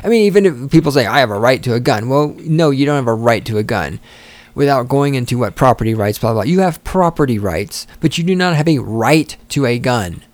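A man's voice: mid-range voice, lively intonation, a little fast, a little mellow, dry recording. A man rants in heated commentary, swearing and mocking as he goes. His voice sits in an ordinary middle register. The sound is dry and close, with no room around it. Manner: heated, sarcastic, profane. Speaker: political commentator. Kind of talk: ranting commentary.

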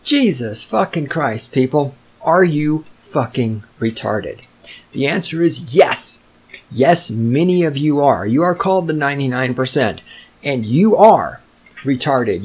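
A man's voice: medium pitch, animated, measured pace, breathy edge. Profane, sarcastic man ranting. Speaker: podcast host. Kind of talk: solo rant monologue.

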